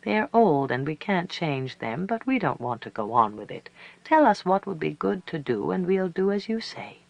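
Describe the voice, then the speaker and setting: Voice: medium pitch, big pitch swings, moderate pace, vocal fry, no echo, dull audio. A reader voicing the tired, ashamed family of a feuding old woman, asking for advice. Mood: weary. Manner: tired, pleading. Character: weary ashamed grown children of a feuding woman.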